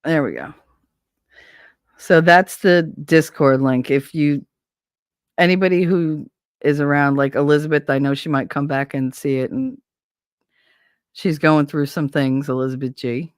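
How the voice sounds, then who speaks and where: Rambling, low-pitched woman livestream host. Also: fairly even intonation, a little slow, long pauses, no room sound, clean studio sound. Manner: rambling, swears freely, laughs often. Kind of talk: casual livestream chat. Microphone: desk microphone.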